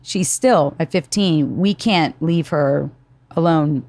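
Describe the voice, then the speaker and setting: A woman's voice: low-pitched, slow, no echo. A middle-aged woman hosting a podcast, telling stories with acted-out quotes and some swearing in casual chat. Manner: animated storyteller, acts out quotes, swears. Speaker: podcast host.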